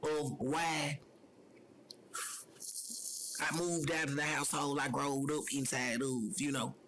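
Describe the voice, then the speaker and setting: A young man with a fairly high voice speaks in a loose, unscripted monologue. He keeps looping back to the same phrases and leans on "you know" as he goes. A faint background hiss sits under his voice. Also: little pitch movement, takes it slowly, fairly bright tone, low-quality recording. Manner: rambling and repetitive, circling back to the same phrases; earnest, heavy use of "you know". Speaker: personal vlogger.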